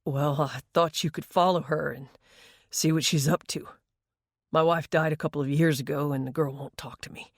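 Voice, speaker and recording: A woman reads a gruff, tired working father in an audiobook, rumbling and grumbling with a hesitant, rough edge. The read is dry and close, in a lower voice. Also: fairly even intonation, normal speed, dry recording. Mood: weary.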